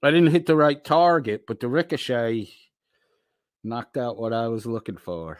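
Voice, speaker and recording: A man's voice: mid-range voice, no echo, clean studio sound. A middle-aged man hosting a casual livestream, reading out chat messages and answering them with loose, profane banter. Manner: slow, drawling, profane banter.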